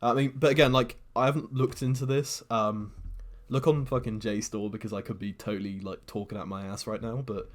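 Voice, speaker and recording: A man's voice: lowish voice, steady tone, a little fast, hardly any pauses. Casting: man, podcast co-host, loose rambly chat, swears freely, lots of "like" and "um". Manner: rambling, swears casually, many fillers. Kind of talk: casual chat.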